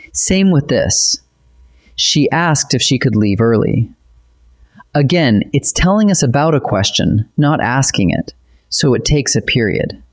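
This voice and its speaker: A man narrating a scripted grammar lesson in a steady, clear, explanatory way. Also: mid-range voice. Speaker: teacher.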